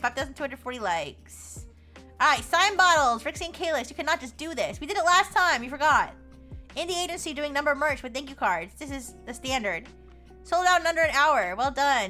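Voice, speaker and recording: A young woman with a high-sitting, sharp voice is streaming live. She reads posts aloud in casual commentary, laughing often and throwing in sarcastic asides.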